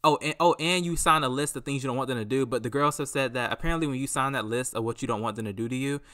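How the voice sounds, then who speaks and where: Male podcast host, middle pitch with a sharp, bright tone; loose, rambling, lively storyteller. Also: racing. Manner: rambling, animated, acts out quotes. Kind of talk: casual solo commentary.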